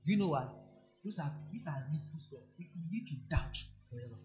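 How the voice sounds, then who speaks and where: A man with a Nigerian accent preaching a sermon, telling personal stories and swinging from soft asides to loud exclamations. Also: on the high side, animated, a little fast, faint music behind. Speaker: pastor.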